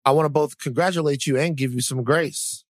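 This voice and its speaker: A man co-hosting a podcast, talking casually in a rambling, animated, self-mocking way. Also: on the high side, brisk, no echo, studio quality. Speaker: podcast co-host. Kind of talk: casual chat.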